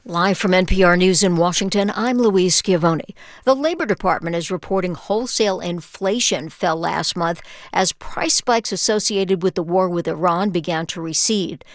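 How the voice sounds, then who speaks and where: Low, gravelly woman newscaster. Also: moderate pace, no room sound, studio quality.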